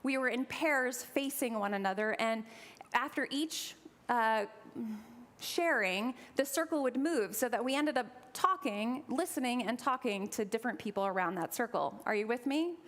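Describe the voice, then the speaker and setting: A woman's voice: fairly high pitch, moderate pace, a bit bright. A woman from Eastern Kentucky preaching a sermon as minister, conversational and with humorous asides to the congregation.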